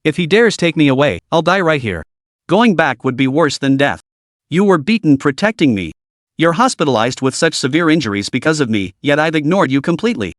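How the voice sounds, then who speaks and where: A man's voice: fairly high pitch, very animated, fairly quick, no echo, studio quality. A man voicing a young woman who is tearful and pleading, reading her in a storybook recap. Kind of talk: storybook narration.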